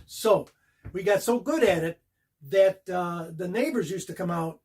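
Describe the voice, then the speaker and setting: An older man with a husky, somewhat high-pitched voice tells a story from his acting career straight to the camera. He talks casually and with animation, walking through each moment of the action step by step. The tone stays relaxed and personal. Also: measured pace. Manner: animated, acts out the scene beat by beat. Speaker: actor telling a career story.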